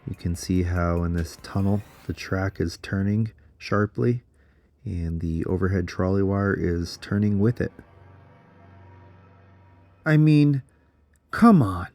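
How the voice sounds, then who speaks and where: A man's voice: deep voice, fairly even intonation, a little slow, warm tone, faint music behind. A man casually narrating an adventure story in a chatty, giggly way, full of fillers. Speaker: underground explorer.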